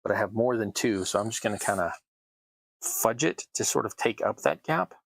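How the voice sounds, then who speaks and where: A man with a lowish, gravelly and slightly husky voice talks casually as he works on a hobby crafting stream. He keeps up wry, self-deprecating asides, and the sound is dry and close. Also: lively intonation, moderate pace, no echo, low-quality recording. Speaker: terrain crafting livestream host. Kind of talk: casual running commentary while crafting.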